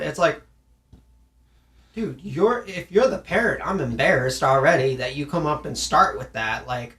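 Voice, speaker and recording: A man from the American South in casual conversation, animated, acting out stern parents in his stories. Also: on the high side, normal speed. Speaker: podcast co-host. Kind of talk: casual chat.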